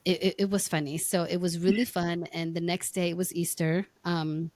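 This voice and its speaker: A woman's voice: lowish voice, little pitch movement, moderate pace, a little mellow, no room sound. A middle-aged woman hosting a podcast and chatting casually, telling stories and acting out what people said. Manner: chatty storyteller, acts out quoted lines. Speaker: podcast host and life coach.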